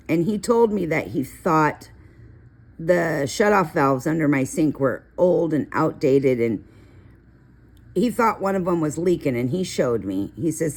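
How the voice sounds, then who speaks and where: This coloring video is hosted by a middle-aged woman whose voice is low-pitched and somewhat dark. She keeps things casual, chatting and spinning rambling stories as she colors.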